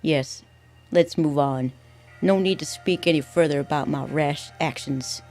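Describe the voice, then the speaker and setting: A woman reading out a proud, formal male commander from a video game, in a lowered, measured voice. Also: darkish tone, soft background music. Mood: solemn.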